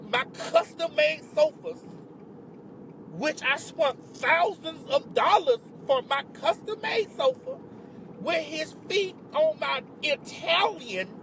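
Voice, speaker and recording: Sassy lady doing a storytime vlog, high voice, cussing and dramatic, lil bit of noise behind. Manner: exclamatory outbursts of disbelief. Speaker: vlogger.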